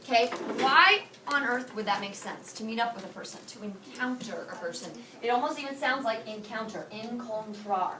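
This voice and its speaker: Energetic woman teacher, high and bright, playful classroom drill, echoey room, mic far off. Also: moderate pace, hardly any pauses, a crowd in the background. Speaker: high school Spanish teacher.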